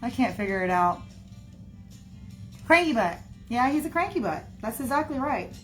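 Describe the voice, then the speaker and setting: A woman with a somewhat high voice chats casually and rambles on to her viewers. She talks loosely, with plenty of "like" and "y'all", and faint music plays behind her. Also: very animated, normal speed. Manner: rambling, chatty, heavy on "like" and "y'all". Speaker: livestreamer talking to viewers. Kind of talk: casual chat.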